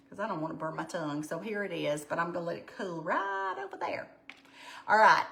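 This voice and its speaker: A woman's voice: medium pitch, a bit bright, a little hiss or hum, low-quality recording. Folksy Southern woman chatting while cooking. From Alabama. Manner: folksy, chatty, reads viewer comments aloud. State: tired. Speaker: cooking show host. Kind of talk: live cooking stream, chatting with viewers. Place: home kitchen.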